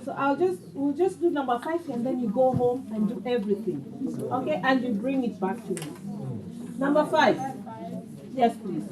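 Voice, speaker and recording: Woman teacher, high voice, repeats stuff slowly for beginners, echoey classroom w/ room noise, mic kinda far. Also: expressive. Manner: patient, questioning, repeats phrases for learners. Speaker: English teacher.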